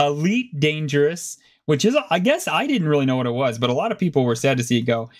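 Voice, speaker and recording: A man co-hosting a casual gaming podcast, talking in an animated, rambling way that keeps starting over. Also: fast talker. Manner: animated, rambling, self-interrupting, pitch jumps up when excited. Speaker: podcast co-host. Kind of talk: casual chat.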